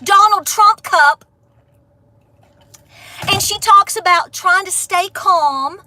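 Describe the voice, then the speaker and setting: Appalachian woman vlogger, folksy and sassy, high bright voice. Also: takes it slowly, a little hiss or hum. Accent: Southern Appalachian. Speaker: homestead vlogger. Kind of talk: casual rant to camera.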